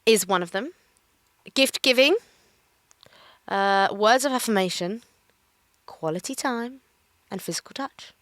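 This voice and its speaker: A woman's voice: mid-range voice, measured pace, pauses often, dry recording. A woman co-hosting a podcast, telling stories in casual chat and acting out the people in them. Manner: animated, acts out the people in her stories. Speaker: podcast co-host.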